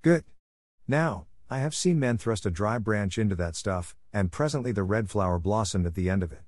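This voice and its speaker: A man voicing a gentle, shrewd panther. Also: lowish voice, lively intonation, moderate pace, no room sound, clean studio sound. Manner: gentle, advising. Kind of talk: audiobook reading.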